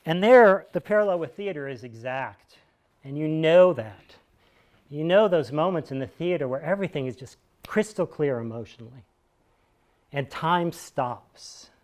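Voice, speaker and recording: An American man in his fifties talks to a small theater audience in a rambling, storytelling monologue. His voice sits a bit higher than most men's. He drifts into wry asides and dry chuckles as he goes. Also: lively intonation, moderate pace, a little mellow. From United States. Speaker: solo performer speaking to an audience.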